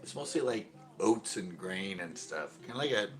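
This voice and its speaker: A middle-aged man hosting a casual live stream, rambling through anecdotes, laughing and loudly acting out other people's lines. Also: low-pitched, lively intonation, moderate pace, soft background music. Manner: rambling storyteller, acts out quotes loudly and laughs often. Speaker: host of a fishing channel livestream.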